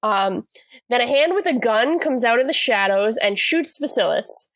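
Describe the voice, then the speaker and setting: A woman co-hosts a podcast and recaps a TV episode in a loose, rambling chat, with frequent fillers and restarts. Her voice sits fairly high. The recording is dry and close, with little room sound. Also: animated, normal speed, no room sound. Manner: chatty, rambling, lots of fillers and self-corrections. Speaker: podcast co-host.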